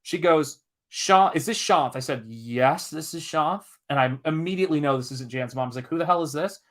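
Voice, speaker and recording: A male streamer from Tennessee in the Southern United States speaks in a slightly high voice, fairly quickly and with animation. The live-stream host and comic artist chats casually and tells stories emphatically, reading out chat comments and swearing when he gets worked up.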